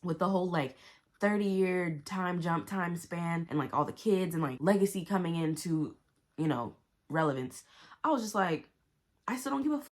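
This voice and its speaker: Woman book vlogger with a low voice: casual, slangy, and cusses freely with big reactions. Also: normal speed. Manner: animated, blunt and profane, with exaggerated reactions; talks to herself and the viewers with slang. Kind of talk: casual book review chat.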